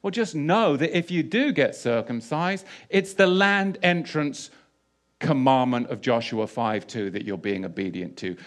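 A man's voice: medium pitch, animated, a little slow. A man giving an emphatic sermon who often repeats key phrases and asks rhetorical questions. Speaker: Bible teacher.

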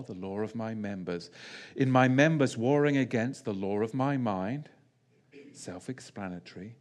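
A man preaching a verse-by-verse sermon, asking his listeners rhetorical questions and pausing on key phrases. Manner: animated, pitch swings widely, asks the audience rhetorical questions. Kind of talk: sermon teaching.

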